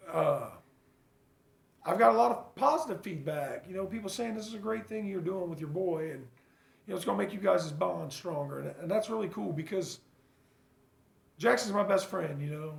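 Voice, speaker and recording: A man with a slightly high voice and a gravelly edge speaks bluntly and earnestly, swearing without a second thought. He pauses often and restarts his thoughts as he talks to the camera like a personal vlog. The sound bounces around a bare, echoey room. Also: lively intonation. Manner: halting, full of fillers and restarts. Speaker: father sharing his recovery story. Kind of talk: casual personal vlog monologue.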